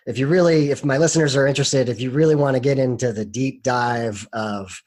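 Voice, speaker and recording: Male podcast host, mid-pitched, earnest and measured, often pausing on fillers. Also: darkish tone. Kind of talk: podcast introduction and interview.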